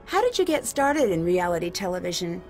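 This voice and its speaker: A woman's voice: fairly low pitch, sing-song, fairly quick, soft background music. An actress voicing an earnest young female amateur detective in a mystery video game, asking questions in a curious, direct way.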